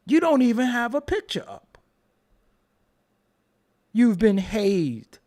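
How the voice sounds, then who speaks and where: A middle-aged man from Brooklyn, delivering a heated, profane livestream rant. His pitch swings widely as he mocks and taunts, laughing between jabs. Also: big pitch swings, slow pace, darkish tone. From Brooklyn, New York. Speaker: livestreamer answering chat.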